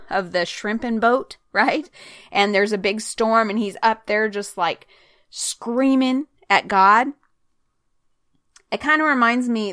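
A woman's voice: medium pitch, fairly bright tone, no echo, studio quality. Woman, Bible teacher, conversational, earnest, reads scripture aloud. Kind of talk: conversational Bible study talk.

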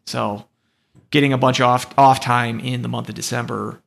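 A man co-hosting a casual sports chat, halting and correcting himself as he talks. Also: medium pitch, little pitch movement, gravelly. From Upper Midwest. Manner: halting, self-correcting delivery. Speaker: podcast co-host.

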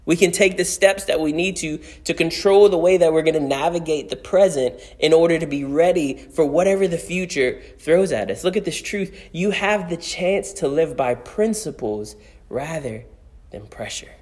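A man's voice: a little high, moderate pace, a little mellow. A man preaching a conversational sermon as pastor, telling stories and repeating key phrases for emphasis.

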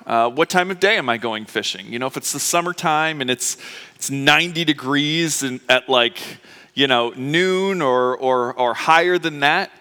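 A pastor addresses his congregation in a church sanctuary that sounds like a large hall, his mid-range voice pushed, bright, and smooth at normal speed. Recovering from appendix surgery, he preaches chattily and emotionally, with lots of fillers and restarts.

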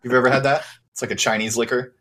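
A man's voice: medium pitch, steady tone, fast talker, bright, forceful tone, a little hiss or hum. A man hosting a podcast in loose casual chat, laughing easily and using lots of fillers. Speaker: podcast host. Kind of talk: casual chat and scripted topic intro.

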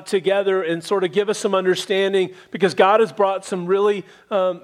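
High-voiced pastor teaching a sermon. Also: male voice. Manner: earnest teaching with emphatic repetition.

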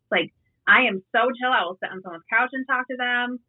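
A woman's voice: fairly high pitch, a little fast. Woman, 30s, easygoing officer guest, casual storyteller, phone-quality audio. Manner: laid-back, storytelling, swears casually. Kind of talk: casual podcast chat. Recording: tinny phone line.

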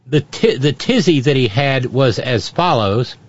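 A man's voice: medium pitch, expressive, a little slow, no echo. A man hosting a sarcastic political commentary show, with mocking asides. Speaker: host. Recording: dry, dull lo-fi sound.

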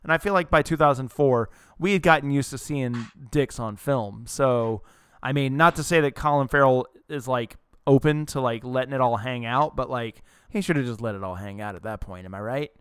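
A man talks movies in a loose, joking podcast chat, drifting into crude tangents. His voice is smooth and resonant. It sits close and dry, with no room around it. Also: mid-range voice, moderate pace, a bit bright, no room sound. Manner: joking, crude, rambling, puts on silly voices. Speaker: podcast co-host.

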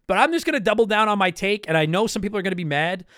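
A young man from Canada chats through listener questions in a high, lively voice that jumps all over the place. He rambles, restarts his sentences and apologizes often. The sound is close and dry, with no room around it. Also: rapid-fire, dry recording. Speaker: podcast host answering listener mail. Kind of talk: casual chat.

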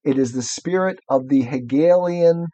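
An earnest man co-hosting a book discussion, reflective and professorial. His voice sits a little high and the sound is dry and close. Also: moderate pace, dark tone, no echo. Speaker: podcast co-host. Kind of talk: casual book discussion and reading aloud.

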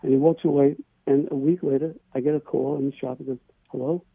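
Guy on a phone call, gravelly husky voice, halting earnest storytelling, tinny line. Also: mid-range voice, little pitch movement, no echo. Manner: earnest, halting, many repeated words. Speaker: caller. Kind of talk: telling a personal story. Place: on a phone call to a radio show.

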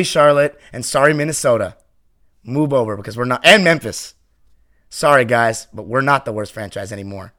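On his sports podcast, a medium-pitched male host delivers an impassioned fan monologue, moving between fiery rants and soft, sincere reflection.

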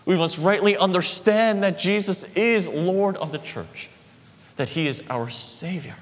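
A man preaching a sermon as pastor, emphatic, repeating phrases and slowing down on key words. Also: high-pitched. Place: church hall. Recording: reverberant hall with faint background noise.

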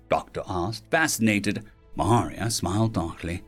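Animated male audiobook narrator. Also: medium pitch, moderate pace, soft background music. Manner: expressive storytelling. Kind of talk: scripted narration.

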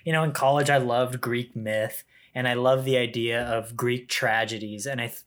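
A man in a casual podcast chat, talking earnestly and growing emotional, close to tears, with halting restarts. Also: medium pitch, steady tone, fairly bright tone. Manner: earnest, gets choked up while talking.

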